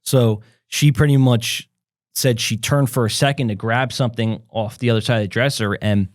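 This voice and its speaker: Here a young podcast co-host, male, narrates an extended story offhandedly, full of "like" and filler words, dramatizing the quotes as he goes. His medium-pitched voice keeps a fairly even intonation at a moderate pace. The studio-quality sound has no room noise.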